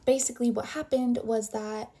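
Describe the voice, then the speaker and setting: A woman's voice: on the high side, fairly even intonation, moderate pace, dark tone, slight background noise. A young adult woman casually telling a story while getting ready, rambling and packing her talk with "like" fillers.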